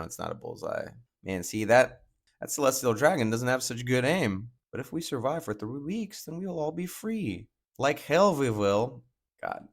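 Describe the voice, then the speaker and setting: Man, lowish voice, casual musing reaction host, talks through his thoughts. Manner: chatty and musing, thinks aloud with fillers.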